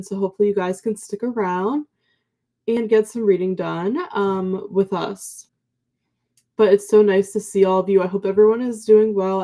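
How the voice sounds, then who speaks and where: A young woman co-hosts a book livestream, chatting casually in a sleepy morning voice. Her pitch is medium and her tone warm, and she reads viewer comments aloud with plenty of ums and likes.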